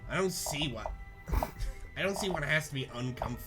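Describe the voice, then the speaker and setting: A man's voice: fairly high pitch, animated, normal speed, over loud music, natural voice. A man reading the lines of a laid-back teenage boy who rambles in slang, with a cool, rambling delivery. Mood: earnest rambling. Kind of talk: comic reading of a webcomic.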